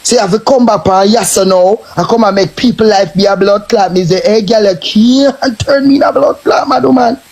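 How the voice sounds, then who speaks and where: A man's voice: sits high, fairly quick, few pauses, a little mellow, low-quality recording. A man with a Jamaican accent, ranting and taunting in a cursing live stream tirade.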